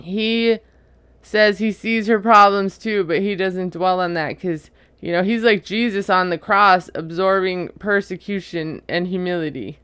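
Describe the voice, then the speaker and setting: Chatty woman recapping a reality show, smooth clear voice, dry close sound, pretty opinionated. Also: medium pitch, unhurried, a bit bright, no room sound. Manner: chatty and opinionated, frequent laughs. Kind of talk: casual recap commentary.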